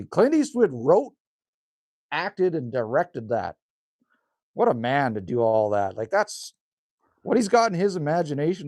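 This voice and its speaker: Chatty Canadian man, a little hoarse. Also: a little high, darkish tone, no echo, studio quality. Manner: folksy, chatty, drops "hey?" and "man". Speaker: livestream host reading chat. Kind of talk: casual live chat. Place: rural cabin indoors.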